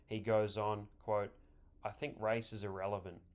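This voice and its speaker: A man delivering scripted political commentary, reading quotations aloud in a measured, deliberate way and stressing key words. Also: on the low side, flat delivery, darkish tone.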